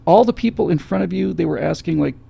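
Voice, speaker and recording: A man hosting a casual chat, telling a travel story in an animated way that acts out the scenes. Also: high voice, fast, vocal fry, husky. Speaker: host.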